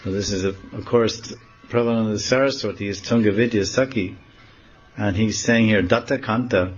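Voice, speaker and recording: A man giving a devotional talk, telling a sacred story and explaining scripture in an animated way. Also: fairly low pitch, moderate pace, dull audio, soft background music. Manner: animated, acting out dialogue. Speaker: monk teaching scripture.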